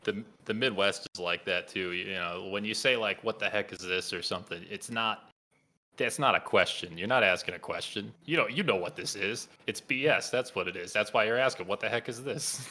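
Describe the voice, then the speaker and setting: Low, bright-voiced man chatting casually. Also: normal speed. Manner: rambling, wry storyteller. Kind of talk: casual chat.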